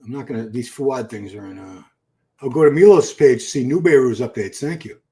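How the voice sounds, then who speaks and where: A man's voice: mid-range voice, fairly quick, mellow. A middle-aged man hosting a live stream, chatting casually, thinking aloud and reacting to viewer comments. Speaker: livestream host. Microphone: computer mic for live stream.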